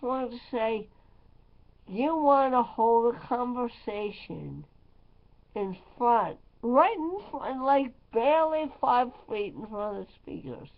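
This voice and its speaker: A woman's voice: on the high side, animated, slow. A woman DJ talking in a casual vlog, rambling and emphatic with lots of fillers. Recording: slightly dull lo-fi sound.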